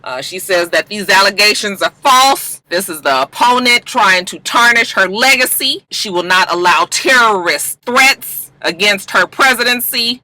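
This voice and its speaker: Brief: slangy TV recap vlogger, casual and animated, mid pitch. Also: a little slow, few pauses, no room sound, low-quality recording. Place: at a post office.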